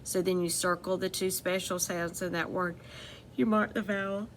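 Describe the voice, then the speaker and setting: A woman's voice: fairly low pitch, fairly even intonation, moderate pace, slight background noise. A woman teaching a phonics lesson to children, patiently repeating each word and giving step-by-step instructions.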